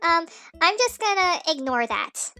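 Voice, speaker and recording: A woman's voice: very high-pitched, sing-song, a little slow, sharp tone, exaggerated voice. A woman reading a game's teenage daughter, who teases her father in a dry way. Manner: dry, teasing. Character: sassy teenage daughter in her last school year.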